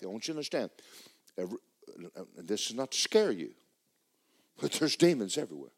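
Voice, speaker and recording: A man preaching a sermon as pastor in a church, emphatic and repetitive, breaking into fervent shouted prayer. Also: lowish voice, big pitch swings, brisk, long pauses.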